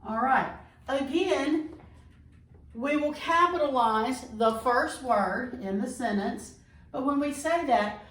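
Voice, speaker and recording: A woman's voice: high-pitched, lively intonation. Woman teacher, patient, careful reading aloud, echoey room, distant mic. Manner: slow, patient, reads sentences aloud carefully. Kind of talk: recorded classroom lesson.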